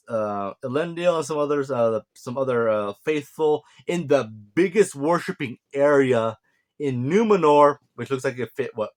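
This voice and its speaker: Casual rambling male reviewer. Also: fairly high pitch. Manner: rambling and sarcastic, with quick paraphrased voices. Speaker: video reviewer.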